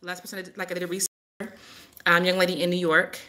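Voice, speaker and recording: A woman talking straight to her viewers in a casual live stream, emphatic and insistent, circling back to the same point. Her voice sits a little low but comes across bright and forceful. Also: monotone, very fast. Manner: emphatic, repeats her warnings. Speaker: healer hosting a live stream.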